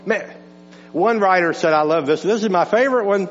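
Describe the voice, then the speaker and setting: A man's voice: high-pitched, normal speed. Impassioned male pastor preaching in reverb. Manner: impassioned preaching, swinging from loud to hushed. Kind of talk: sermon. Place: church sanctuary. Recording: dull church recording with long reverb and mains hum.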